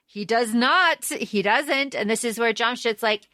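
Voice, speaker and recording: A woman's voice: on the high side, moderate pace, bright, forceful tone, dry recording. A woman co-hosting a podcast, chatting casually about a book and retelling scenes with quoted dialogue. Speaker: podcast co-host.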